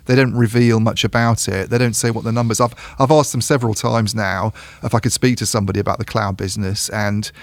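A man's voice: lowish voice, fairly even intonation, fast talker, few pauses, no room sound. A man co-hosting a casual podcast discussion about technology, talking things through with lots of restarts and repeated words. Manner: thinking aloud with frequent restarts and repeated words. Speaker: tech journalist co-host.

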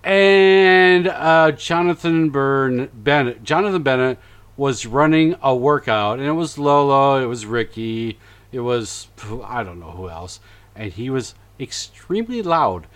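A man's voice: medium pitch, a little slow, smooth. A man hosting a casual podcast chat, recapping events animatedly and acting out quotes. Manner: animated, acts out quotes in voices. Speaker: podcast host.

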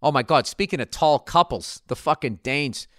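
A man's voice: medium pitch, moderate pace, a bit bright, dry recording, studio quality. A man hosting a podcast, reading an ad and listener mail in a profane, rambling, sarcastic way. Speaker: podcast host. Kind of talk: casual comedic rant and ad read.

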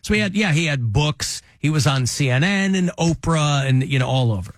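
A man's voice: a little high, lively intonation, moderate pace, dry recording, clean studio sound. Chatty man hosting a radio show. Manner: chatty, laughing storytelling. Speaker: radio host. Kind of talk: casual radio talk.

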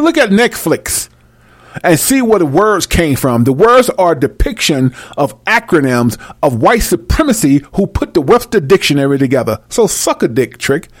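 A man giving a freewheeling, profane Bible commentary, brash and mocking, swinging between loud outbursts and low mutters. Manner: brash, mocking and full of cursing. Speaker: self-styled preacher.

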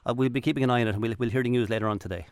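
A man's voice: medium pitch, racing, a little mellow, clean tone, no echo, clean studio sound. An Irish man hosting a radio show, delivering an impassioned, emphatic monologue and hammering his points home by repeating them. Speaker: radio host. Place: radio studio. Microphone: studio microphone.

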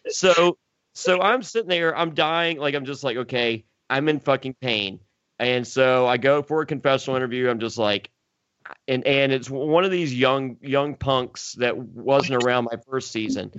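A man's voice: mid-range voice, moderate pace, a bit bright, no room sound. A man in his thirties telling a story in casual chat, stammering, self-mocking and swearing freely. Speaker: podcast host and former reality contestant. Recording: dull lo-fi dry sound.

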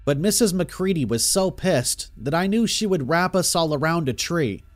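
A man giving scripted narration of a horror story in a steady, even storytelling manner. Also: fairly high pitch, moderate pace. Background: faint music.

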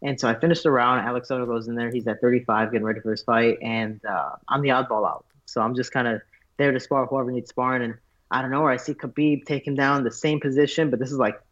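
A man, a fighter guest, telling stories in a casual interview, animated and full of fillers. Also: medium pitch, quick pace. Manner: animated storyteller, many fillers like "like". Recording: dull lo-fi audio.

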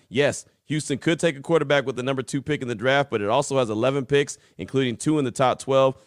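A man's voice: mid-range voice, no room sound, studio quality. A man hosting a sports podcast, casually running through news reports. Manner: casual, chatty, reads reports aloud. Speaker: podcast host.

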